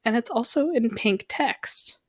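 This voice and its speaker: A woman's voice: on the high side, animated, a little slow, no room sound, clean studio sound. A young adult woman co-hosting a podcast in casual chat, teasing and arguing with her partner between giggles. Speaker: podcast co-host.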